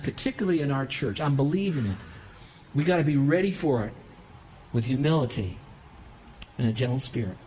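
A male pastor preaching a sermon in church, emphatic, with sudden swells of pitch and volume. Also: darkish tone, a little hiss or hum, poor audio. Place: church sanctuary.

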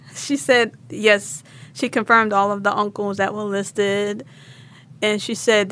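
A woman recounts her own family story in an interview. Her pitch sits mid-range, and she talks with feeling, restarting sentences as she goes. A faint hum of noise runs behind her. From born in Vietnam, raised in New Orleans. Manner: emotional, animated retelling with laughs and restarts. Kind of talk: personal storytelling.

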